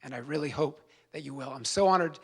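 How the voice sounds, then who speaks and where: A man's voice: a little high, quick pace, slightly rough. A man, a public defender, giving an earnest award acceptance speech, telling a story with light humor. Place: event hall.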